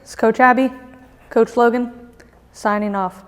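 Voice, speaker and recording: A woman, a fitness coach, co-hosting a casual gym news vlog, speaking quietly and playfully. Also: a little high, fairly even intonation, unhurried. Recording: echoey hall with long reverb.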